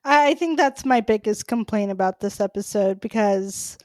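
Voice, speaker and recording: A woman's voice: medium pitch, moderate pace, a little mellow, no echo. A woman co-hosting a podcast, talking in a casual, chatty way with many "like" fillers. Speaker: podcast co-host. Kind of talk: casual chat.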